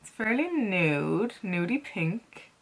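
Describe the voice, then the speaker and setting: Woman, makeup vlogger, mid-pitched, loose and chatty, thinks out loud. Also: sing-song, takes it slowly. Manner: chatty, playful, talks to herself while working. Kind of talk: casual makeup tutorial chat.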